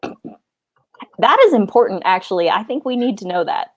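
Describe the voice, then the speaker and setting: Woman co-hosting a podcast, jokey and laughy, average pitch. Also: lively intonation, normal speed. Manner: joking, laughs often. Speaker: podcast co-host. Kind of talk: casual chat.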